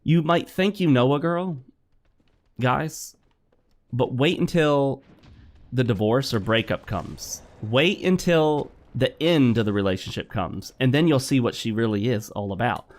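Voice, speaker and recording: A middle-aged gaming commentator gives blunt, opinionated commentary over gameplay, lecturing and repeating himself. He speaks in a mid-range voice at a measured pace.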